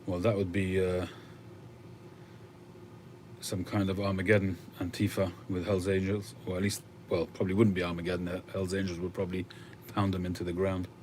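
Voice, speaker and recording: Male streamer, deep voice, relaxed thinking-aloud chat with viewers, lots of hesitant pauses. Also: slight background noise. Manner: conversational, musing, with frequent hesitations. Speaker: livestream host reading viewer comments. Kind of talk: casual chat.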